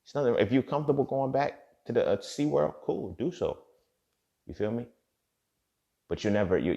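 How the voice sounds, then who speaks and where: A man's voice: medium pitch, lively intonation, moderate pace, vocal fry, long pauses, warm tone. A man hosting a casual motivational monologue, talking in profane street slang and often asking "you feel me". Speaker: podcast host. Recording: dull lo-fi recording.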